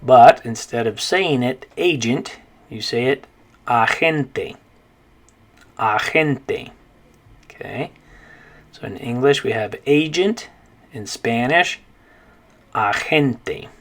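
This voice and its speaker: Man, language teacher, patient, slow repeated words, frequent okay check-ins, mid-pitched. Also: animated. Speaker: Spanish teacher. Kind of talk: recorded pronunciation lesson.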